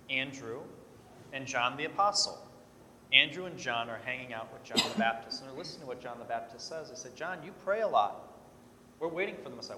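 A Catholic priest giving a conversational sermon, telling stories and acting out the voices in them. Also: male voice, medium pitch, bright, forceful tone, a little hiss or hum. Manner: storytelling, acts out quoted voices, conversational. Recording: echoey church hall with long reverb.

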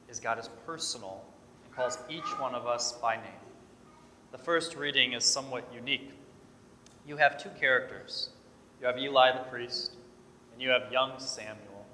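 A Catholic priest giving a conversational sermon, telling stories and acting out the voices in them. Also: male voice, medium pitch, sharp tone, slight background noise. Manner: storytelling, acts out quoted voices, conversational. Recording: echoey church hall with long reverb.

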